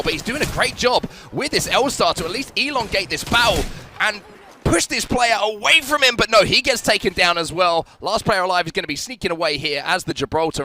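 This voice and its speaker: A man's voice: sits high, sharp tone. A man doing play-by-play commentary as an esports caster, upbeat and hyping the audience.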